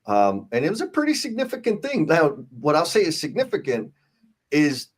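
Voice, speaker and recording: A man's voice: fairly high pitch, huge pitch swings, normal speed. A man hosting a casual livestream chat, talking in an upbeat, loose and chatty way. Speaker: livestream host.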